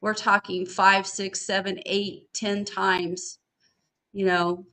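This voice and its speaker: Panelist, woman, bright tone, blunt casual talker with frequent cursing. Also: mid-range voice, level tone, slow pace. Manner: blunt and swears freely, frustrated storytelling. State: studying for a master's degree. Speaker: podcast panelist. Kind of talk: casual chat.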